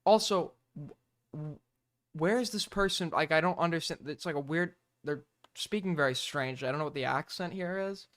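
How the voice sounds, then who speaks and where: A man's voice: a little high, normal speed, a bit bright. Guy streamer ranting about a clip, blunt and sweary, kinda exasperated. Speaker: streamer reacting to videos. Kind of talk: live-stream reaction commentary.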